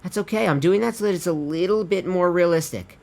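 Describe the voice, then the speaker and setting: Gravelly and darkish in tone yet high-pitched, this man's voice moves a little fast as he casually teaches vocal tuning in a screen-recorded tutorial. The producer chats in a relaxed way, swearing offhand and calling viewers his friends.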